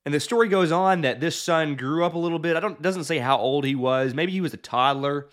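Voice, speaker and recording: A male preacher retelling a Bible story in a lively way, with chuckling asides. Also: a little high, fairly quick. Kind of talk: sermon storytelling.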